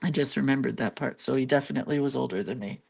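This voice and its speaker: A woman's voice: extremely low pitch, fast talker, vocal fry, a little mellow, breathy edge. A woman hosting a craft channel, telling a rambling story in casual chat and laughing between lines. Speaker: lettering and doodling channel host.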